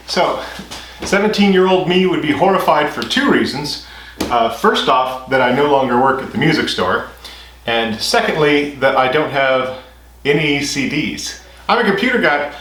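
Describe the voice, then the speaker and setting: A man, a resin maker, chatting casually and enthusiastically to camera, thinking out loud as he works in his home workshop. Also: fairly high pitch, expressive, normal speed. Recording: echoey workshop with loud machine noise.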